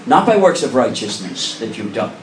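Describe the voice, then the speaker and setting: Very animated and speaking at normal speed, a medium-pitched man preaches in a church sanctuary, earnestly and emphatically putting direct questions to his congregation. His voice sounds far off amid roomy echo, with a slight hiss or hum.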